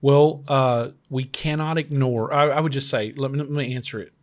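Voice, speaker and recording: A man's voice: mid-range voice, fairly even intonation, moderate pace. A man co-hosting a casual podcast discussion, earnestly offering practical advice. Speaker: podcast co-host.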